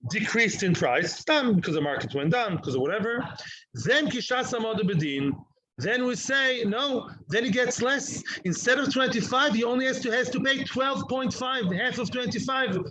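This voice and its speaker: A man teaching a daily Talmud lesson, animated and explaining by playing out both sides with rhetorical questions. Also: sits high, slight background noise, rough recording.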